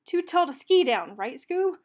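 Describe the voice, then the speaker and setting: A woman's voice: high-pitched, big pitch swings, normal speed, voice pushed up. A woman voicing a jittery, food-obsessed young man who stammers and says "like" often. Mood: eager. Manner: nervous, stammering, says "like" a lot.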